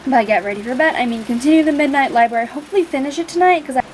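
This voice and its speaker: Chatty young woman vlogging, high-ish voice. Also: rapid-fire, slight background noise, rough recording. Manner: rambling, swears freely, many fillers; emotional, near tears. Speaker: book vlogger. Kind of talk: casual vlog talk.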